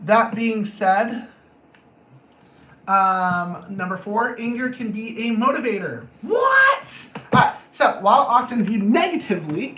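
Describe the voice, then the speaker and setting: A man's voice: sits high, fairly bright tone. Blunt, profane man in an echoey room. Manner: blunt, profane, jokey, self-mocking. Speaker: anger management coach. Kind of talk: casual monologue on camera. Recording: roomy echo, faint background noise.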